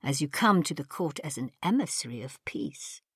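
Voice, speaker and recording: A woman's voice: low-pitched, big pitch swings, normal speed, a bit bright, slightly rough, no room sound, studio quality, full character voice. A woman voicing a stern male cavalry commander speaking formally. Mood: pointed.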